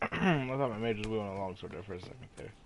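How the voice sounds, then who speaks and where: A man's voice: fairly low pitch, rapid-fire, darkish tone, a little hiss or hum. A man hosting a gaming channel, giving playful, rambling let's-play commentary and joking about himself. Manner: playful, rambling, self-mocking.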